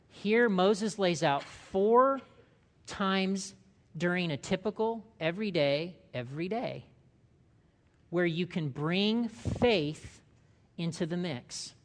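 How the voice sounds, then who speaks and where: A man giving a sermon in a chatty, lively way. He checks in with his listeners and reads scripture aloud, speeding up and slowing down to press his points. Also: high voice, long reverb tail. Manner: conversational, asks the room questions, reads scripture aloud. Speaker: pastor.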